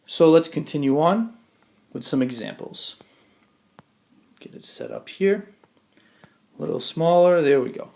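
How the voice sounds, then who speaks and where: A man teaching Spanish in a screencast lesson, explaining step by step, asking rhetorical questions and slowing down to model example phrases. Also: on the high side, animated, vocal fry, warm tone.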